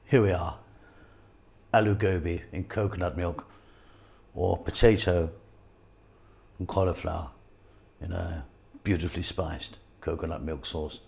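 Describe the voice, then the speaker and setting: Middle-aged male cooking host, London accent, very low pitch, calm step-by-step delivery. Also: measured pace, vocal fry, long pauses. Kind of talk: recipe demonstration.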